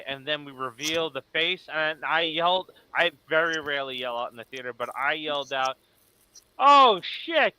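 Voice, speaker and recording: A man's voice: on the high side, bright, forceful tone, smooth, rough recording. A man co-hosting a casual podcast chat, talking emphatically and explaining his points at length. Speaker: podcast co-host. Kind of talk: casual horror movie chat.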